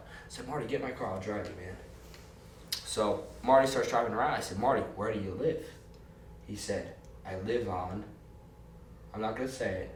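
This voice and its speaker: A man telling a long, profane, animated story in a casual interview, quoting people as he goes. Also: on the low side, moderate pace, far from the mic, a little hiss or hum. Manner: profane, animated anecdote with quoted voices. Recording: roomy, off-mic with faint ambience.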